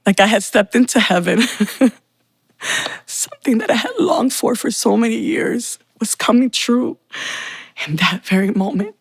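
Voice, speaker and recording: A woman's voice: a little high, expressive, unhurried, gravelly, husky, no room sound. A woman telling her personal faith testimony in an earnest, heartfelt way. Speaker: testimony speaker.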